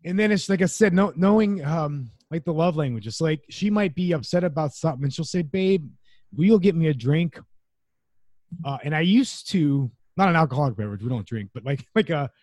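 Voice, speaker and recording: Male guest, slightly higher voice, dry close sound, earnest and reflective delivery. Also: lively intonation, brisk, few pauses, a little mellow, dry recording. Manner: earnest, reflective, chuckles often. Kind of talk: casual conversation.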